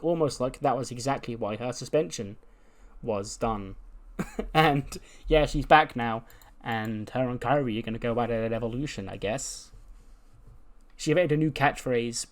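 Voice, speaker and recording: A man narrates a wrestling management game in a loose, chatty style. He rambles, laughs at his own jokes and swears casually as he goes. His pitch sits right in the middle for a man. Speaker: let's play host. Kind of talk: casual game story commentary.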